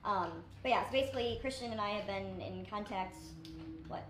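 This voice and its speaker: A woman's voice: mid-range voice, a little fast, fairly bright tone, a little hiss or hum. A woman YouTuber chatting casually on her vlog, rambling and self-deprecating, full of fillers. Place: indoors in a rented place with friends. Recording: echoey room.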